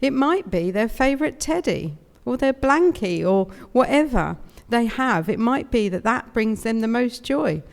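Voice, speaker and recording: A woman's voice: on the high side, lively intonation, unhurried, creaky, hardly any pauses. A British woman, around fifty, giving a chatty, emotional inspirational talk as a guest speaker, laughing often. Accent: British English. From United Kingdom. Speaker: guest speaker at a spiritualist service. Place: large hall, indoors. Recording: long hall reverb, live room.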